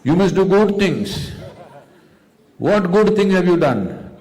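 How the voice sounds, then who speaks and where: A man's voice: high voice, animated, a little slow, a little mellow, pitched above the performer's own voice. A man voicing a stern old father who orders his sons about in a commanding way, heard in an echoey hall. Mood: scolding. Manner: bossy, commanding.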